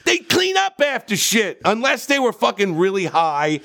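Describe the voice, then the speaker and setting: A man from New Jersey telling stories in casual podcast chat, profane and animated. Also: high voice, moderate pace, creaky. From New Jersey, USA.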